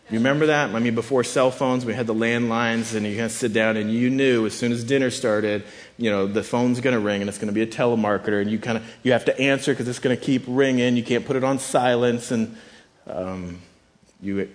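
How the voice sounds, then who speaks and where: A man's voice: medium pitch, fairly even intonation, a little fast. Man preaching a casual sermon. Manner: conversational preaching, acts out quoted voices. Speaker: pastor.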